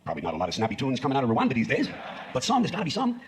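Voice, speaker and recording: A man's voice: mid-range voice, wildly swooping pitch, racing, slight background noise. A man performing a stand-up routine on stage, ranting in a profane, sarcastic way. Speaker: stand-up comedian. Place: stage in front of an audience.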